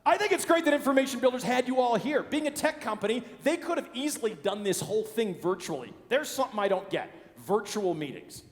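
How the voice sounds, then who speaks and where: A middle-aged man from the Chicago area doing a stand-up comedy routine, animated and acting out the voices of people in his stories. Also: extremely high pitch, brisk, hardly any pauses. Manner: animated, acts out quoted voices. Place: large conference hall stage. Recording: long reverb of a large hall.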